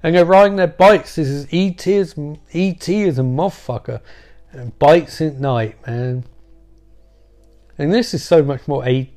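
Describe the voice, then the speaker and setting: Sweary, excitable man recapping a film. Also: mid-range voice. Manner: excitable, sweary, rambling asides. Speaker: movie recap commentator. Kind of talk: profane comedic film recap.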